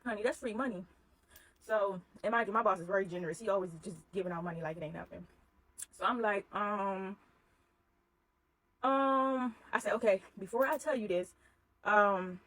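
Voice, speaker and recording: A woman telling a personal story in casual chat, acting out the dialogue with animated energy. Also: mid-range voice, low-quality recording.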